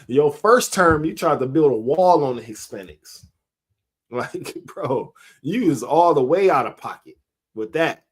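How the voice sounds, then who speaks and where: A man, giving a casual sermon-style monologue, slow and conversational, laughing between his points. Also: on the high side, expressive, husky. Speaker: street preacher.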